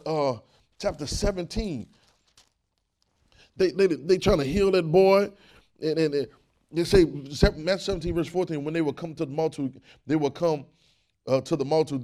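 Man preaching, emphatic rising delivery, mellow warm tone. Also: on the high side. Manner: emphatic preaching with rising, louder bursts and repeated phrases. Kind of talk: sermon.

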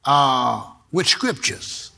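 A man's voice: mid-range voice, animated, very slow, creaky, bright, forceful tone. A man preaching a sermon, reading scripture aloud and repeating his key words with emphasis.

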